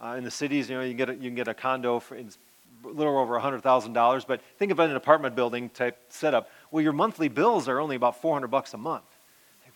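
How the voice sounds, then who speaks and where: Speaking quickly in a mid-range voice, this middle-aged man is a pastor offering a heartfelt testimony of his own. His delivery wanders with frequent restarts and regularly fades into a quiet murmur.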